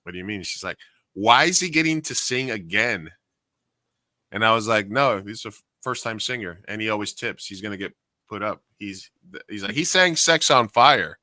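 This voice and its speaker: Male co-host, bright and punchy voice, dry close mic, animated storyteller who swears and plays out every quote. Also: lowish voice, normal speed, dry recording. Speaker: podcast co-host, karaoke host. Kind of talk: casual storytelling chat.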